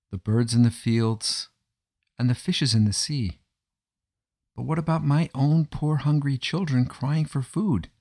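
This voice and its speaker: A man's voice: mid-range voice, a little mellow. A man voicing a poor, humble husband who speaks in an earnest, pleading way in a storybook telling. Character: poor devout husband, middle-aged, desperate and humble.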